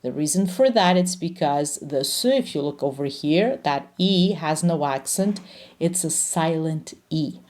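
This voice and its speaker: A woman teaching French grammar in English, explaining patiently and slowing down to pronounce each French example. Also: low voice, animated, darkish tone. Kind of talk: grammar lesson.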